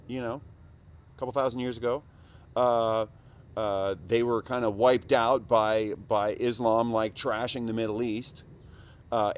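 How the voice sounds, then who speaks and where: A man talking to a recording device in a rambling, profane casual monologue, dropping to mumbles and rising to loud outbursts. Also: lowish voice.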